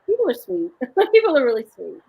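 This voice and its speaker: A woman's voice: high voice, wildly swooping pitch, brisk, creaky, dark tone, rough recording. A woman author telling stories with animation and many restarts in a live video chat. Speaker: author guest.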